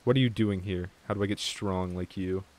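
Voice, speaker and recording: A young man streaming an online game with viewers, chatting casually, swearing freely and getting excited. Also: low voice, fairly quick. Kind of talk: casual gaming chat.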